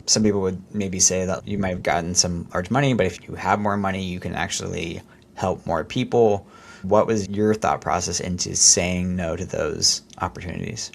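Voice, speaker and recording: Deep gravelly male interviewer. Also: steady tone. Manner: soft backchannels, measured questions. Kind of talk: interview questions.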